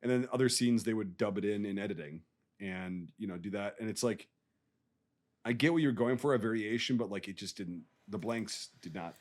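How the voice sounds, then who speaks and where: A man's voice: fairly low pitch, normal speed, a little mellow. A man co-hosting a war movie podcast, talking casually and bluntly, swearing often about gun details. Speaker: podcast co-host. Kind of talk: casual chat.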